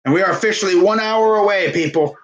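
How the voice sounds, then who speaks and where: A young man casually commenting on a live sports stream, excitable and rambling. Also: sits high, fast talker, rough recording. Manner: excitable, rambling, laughs often.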